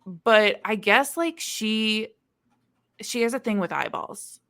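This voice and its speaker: A woman co-hosting a podcast, retelling a book in a chatty, animated way with lots of "like"s and laughter. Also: medium pitch, slow pace. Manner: animated, laughing, quippy storytelling with many "like"s. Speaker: podcast co-host summarizing a book. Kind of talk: casual chat.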